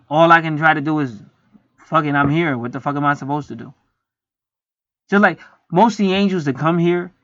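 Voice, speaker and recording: A man rambles through a profane, preachy monologue, swearing freely as he goes. His voice sits a little high. The recording is dry and dull, with a lo-fi edge. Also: fairly bright tone, no room sound. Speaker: spiritual video host. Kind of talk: casual monologue to camera.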